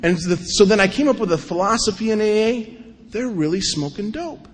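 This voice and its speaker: A man speaking at a recovery meeting, telling his own story with wry, animated humor and acting out the scenes. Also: high-pitched, brisk. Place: large meeting hall before an audience. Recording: long hall reverb.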